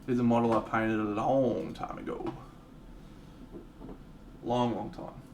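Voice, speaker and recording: Speaking slowly in a mid-range voice, a young man talks to his live stream audience as he paints, cursing occasionally. He stays laid-back, bursting into snippets of song and goofy voices, and sits a bit off-mic over a faint background hum.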